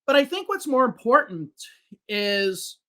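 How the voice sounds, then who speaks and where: A man's voice: very high-pitched, very animated, unhurried, pushed and bright. A man who is a native English speaker and works as an English teacher, patiently explaining grammar with spoken examples in a podcast conversation.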